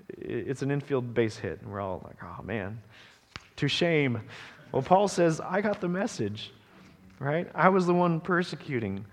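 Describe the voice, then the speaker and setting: A pastor with a fairly high male voice preaches a sermon in a conversational style, and a long reverb tail follows his words. He checks in with the congregation often, tossing in frequent "right?" asides.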